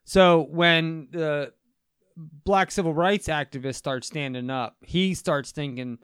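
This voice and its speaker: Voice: mid-range voice, slow, clean tone, no echo, clean studio sound. A podcast co-host in casual chat, insistent, cutting in to correct and explain.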